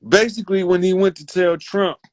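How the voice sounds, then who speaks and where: A man holds forth in a loose, preachy monologue, addressing his community directly and swearing freely. His voice sits somewhat high for a man. The sound is close and dry, with no room echo. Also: steady tone, brisk. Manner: profane, fervent, preaching to listeners.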